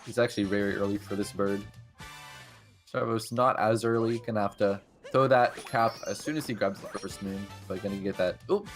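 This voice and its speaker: A man's voice: lowish voice, a little fast, soft background music. A man commentating a video game speedrun race in a casual, chatty way, thinking aloud as he goes.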